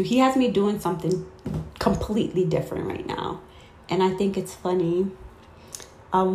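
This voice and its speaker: A woman's voice: mid-range voice, slight background noise. A woman giving a casual spiritual talk to her viewers, rambling and interrupting herself with fillers. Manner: rambling, warm-hearted, self-interrupting with fillers. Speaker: faith vlogger. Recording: echoey room.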